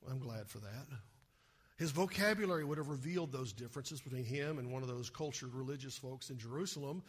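A male pastor giving an animated sermon and often asking the listeners rhetorical questions. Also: mid-range voice, brisk, husky.

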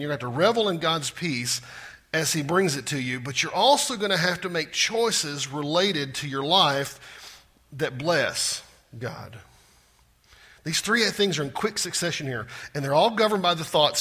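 A man preaching with a bright, forceful voice pitched a touch high. He drives points home with repetition, then drops to quiet asides. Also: breathy edge. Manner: animated preaching, repeats for emphasis, swings from loud to hushed. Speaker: pastor. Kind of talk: sermon.

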